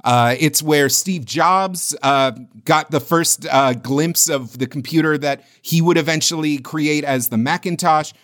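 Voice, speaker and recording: A man co-hosting a casual podcast, recounting research with frequent pauses. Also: on the high side, a bit bright. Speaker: podcast co-host.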